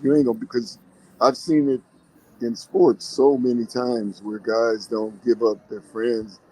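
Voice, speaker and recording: A man's voice: medium pitch, flat delivery, measured pace, a little mellow, poor audio. Older man telling folksy stories. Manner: storytelling, folksy, laughs often. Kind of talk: casual chat.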